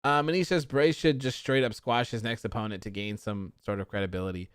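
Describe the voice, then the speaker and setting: Young male streamer, smooth clear voice, dry close sound, rambling frustrated rant. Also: mid-range voice, steady tone, fairly quick, few pauses, no echo. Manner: frustrated, rambling, reads chat comments aloud. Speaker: livestream host. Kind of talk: casual wrestling post-show chat.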